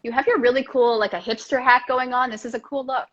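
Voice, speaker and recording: A chatty Canadian woman hosts a live stream, rambling along and poking fun at herself. Her voice is bright and pitched a little high, and it rings in a roomy, echoey space. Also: steady tone, quick pace, muffled recording. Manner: chatty, self-mocking rambling. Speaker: host. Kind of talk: casual live-stream chat. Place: home studio.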